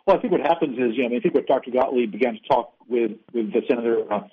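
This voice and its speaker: A man's voice: medium pitch, racing, slightly rough. A man speaking as an interview guest over the phone, fluent and policy-focused, with frequent "you know" fillers. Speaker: interview guest, former agency official. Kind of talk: interview on a call-in line. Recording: tinny phone line.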